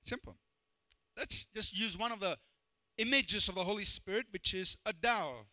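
A man preaching a sermon as pastor, animated and telling stories with self-deprecating humor. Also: high voice, normal speed, no room sound, low-quality recording.

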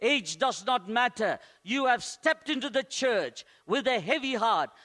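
A man's voice: very high voice, animated, measured pace, sharp tone. A man preaching a sermon as a pastor, earnest and repeating phrases for emphasis.

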